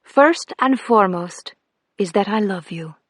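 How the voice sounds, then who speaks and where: A woman voicing a loving young father with an Irish accent, speaking slowly and tenderly, in an audiobook. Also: mid-range voice, lively intonation, no echo, studio quality.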